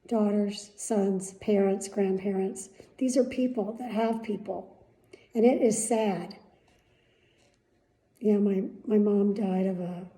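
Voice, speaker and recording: A middle-aged woman vents straight to camera on her daily vlog, blunt and worked up, cursing without apology. Her voice sits a bit high but sounds very mellow and dark in tone. The room around her is echoey. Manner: frank, heated, swears freely. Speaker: vlogger, daily show host. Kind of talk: candid talking-head rant.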